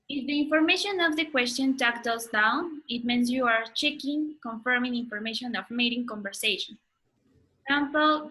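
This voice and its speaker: A woman student reads a grammar passage aloud, pausing and correcting herself. Her voice is high and bright. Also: rough recording. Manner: reading aloud haltingly.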